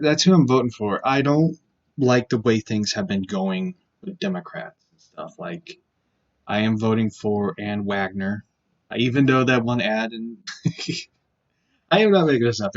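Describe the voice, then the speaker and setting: A man's voice: medium pitch, muffled recording. A man vlogging in a casual political rant, blunt and profane, circling back with fillers and repeated points.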